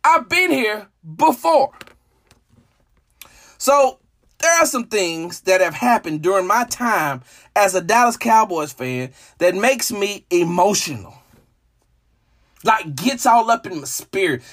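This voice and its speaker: A man hosting a solo sports show, talking in a dramatic, emotional way that jumps between hushed asides and shouting. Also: sits high, expressive, unhurried. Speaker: sports podcast host. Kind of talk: animated solo sports commentary.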